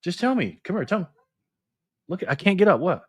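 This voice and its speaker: A man's voice: high voice, very animated, brisk, a little mellow, breathy edge, dry recording. A man hosting a live stream in a casual chat style, reading viewer comments aloud, laughing often and cheering on players. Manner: laughs often, loose and playful.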